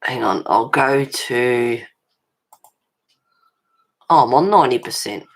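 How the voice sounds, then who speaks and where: Streaming from her table at home through a webcam, a low-voiced woman runs a colouring channel and chats casually, animated yet unhurried. She replies to viewers' comments with endearments and describes herself as fussy and pedantic.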